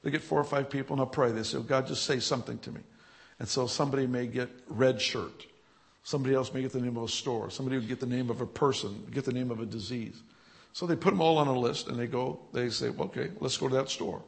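A man with a gravelly, fry-touched voice at a middle pitch tells story after story of healings from his church. He talks like an interview guest, chuckling at his own punchlines and growing louder and more animated as each account builds. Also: fast talker. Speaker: church leader. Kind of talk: telling healing testimonies in an interview.

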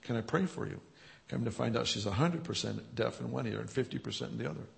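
A man with a gravelly, fry-touched voice at a middle pitch tells story after story of healings from his church. He talks like an interview guest, chuckling at his own punchlines and growing louder and more animated as each account builds. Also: fast. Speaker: church leader. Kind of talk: telling healing testimonies in an interview.

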